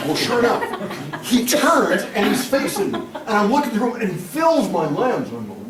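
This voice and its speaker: A man's voice: sits high, fairly quick. A man teaching a church Bible class, mixing scripture reading with funny personal stories. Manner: animated, humorous storyteller. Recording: echoey room, distant mic, background noise.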